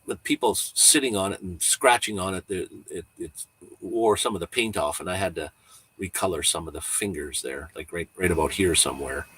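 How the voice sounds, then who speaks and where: A man hosting a relaxed livestream, wandering from one thought to the next with easy chuckles. His voice sits a little low and has a husky, slightly rough edge. He sounds unhurried and chatty, like he is talking to regulars. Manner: rambling, easygoing, chuckles often. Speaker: livestream host. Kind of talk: casual livestream chat.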